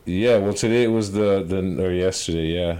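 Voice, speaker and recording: A man chatting casually as a podcast co-host, slangy and animated, dropping into quick voices. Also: low-pitched. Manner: slangy, animated, does quick accent impressions. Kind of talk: casual chat.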